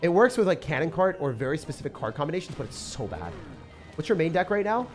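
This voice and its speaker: A young man streaming a game live, reacting loudly and then mumbling low as he talks through decks. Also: fast. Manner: excitable, swings from shouting to low mumbling. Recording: faint music behind.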